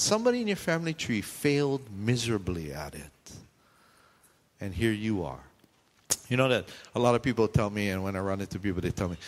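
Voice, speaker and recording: A man preaching a sermon as pastor, talking conversationally with joking asides and frequent questions to the congregation. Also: on the low side. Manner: frequent questions and call-outs to the audience. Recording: long reverb in a hall.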